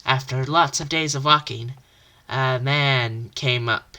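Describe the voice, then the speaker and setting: A young woman reads an old story aloud in a low, bright voice. She keeps a slow, mostly monotone delivery. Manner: mostly flat, monotone reading. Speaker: podcast host reading her old stories.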